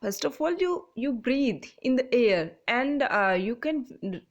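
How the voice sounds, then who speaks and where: A woman lecturer, slowly explaining a literary text, often repeating and rephrasing. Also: on the high side, expressive, lo-fi sound. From India. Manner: slow, repeats and rephrases, reads passages aloud. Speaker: English lecturer.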